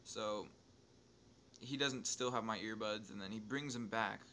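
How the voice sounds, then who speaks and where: A young man telling a story casually, swearing constantly, rambling with restarts and excited jumps in volume. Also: fairly low pitch, a little hiss or hum. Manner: profane, rambling, restarts and asides; excitable, quick swings in loudness. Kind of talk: casual storytelling over gameplay.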